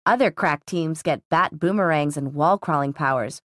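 A woman's voice: low voice, moderate pace, a bit bright, dry recording, studio quality. A woman reading an audiobook, voicing a wry, joking teenage girl.

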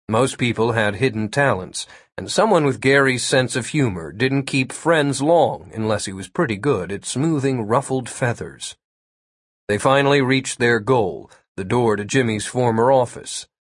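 A man reading an audiobook as narrator, with a steady storytelling delivery. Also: medium pitch, a little slow, breathy edge, no room sound, studio quality. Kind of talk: scripted narration.

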